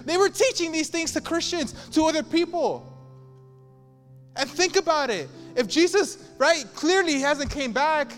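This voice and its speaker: High-voiced emphatic male pastor. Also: unhurried, a bit bright, in a large hall, soft background music. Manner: emphatic, repetitive preaching with rising intensity. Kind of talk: sermon.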